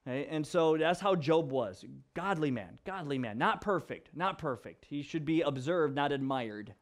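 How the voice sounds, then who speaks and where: A male pastor giving a casual vlog sermon, animated and wry, acting out the quotes he tells. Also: on the high side, moderate pace. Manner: animated, sarcastic asides, acts out quotes.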